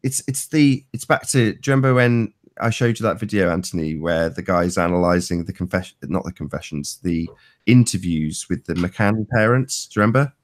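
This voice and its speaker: A man's voice: sits low, fairly quick. A man hosting a casual chat, mocking and sarcastic, often laughing and acting out quotes he reads. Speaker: host of a chat stream.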